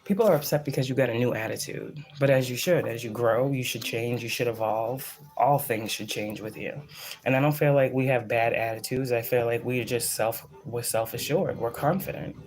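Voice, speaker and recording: A woman's voice: rumbling low, moderate pace, a little mellow. Blunt, cussing woman giving a psychic reading. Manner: blunt and profane, rambling, preachy; repeats phrases for emphasis. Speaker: psychic reader. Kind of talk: casual channeled spiritual reading.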